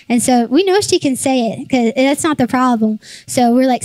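A young woman pastor preaching a sermon, telling a lively family story and acting out the voices of her family. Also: fairly high pitch, moderate pace, hardly any pauses, no room sound, rough recording.

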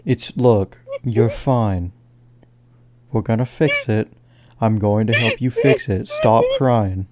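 A man calming and reassuring his brother, firm and insistent. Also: mid-range voice, takes it slowly, slight background noise. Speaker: brother of the streamer.

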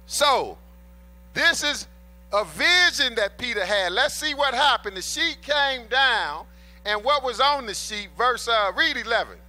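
A man's voice: very high-pitched, expressive, measured pace, bright, forceful tone. A man preaching a sermon in an emphatic, colloquial way, repeating his key points and addressing the congregation as brothers and sisters. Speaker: pastor.

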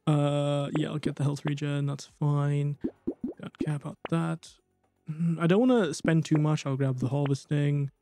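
Gamer guy rambling through a run late at night, kinda high voice, faint music behind, english not his first language. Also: measured pace, no echo. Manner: excitable, rambling, self-mocking, jumps to high squeaks when panicking. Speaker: gaming YouTuber. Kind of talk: casual gameplay commentary.

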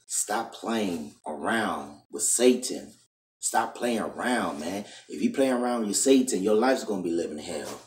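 Deep-voiced man preaching in an echoey room. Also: lively intonation, unhurried, distant mic. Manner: repetitive, keeps ending lines with "man"; scolding and insistent. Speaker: video preacher. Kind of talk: preachy monologue to camera.

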